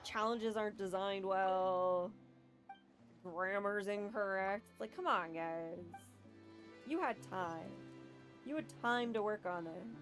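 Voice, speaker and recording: A woman's voice: mid-range voice, slow, soft background music. Swearing frustrated woman streamer. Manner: frustrated, swearing, swings from muttering to yelling. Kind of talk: live gameplay commentary.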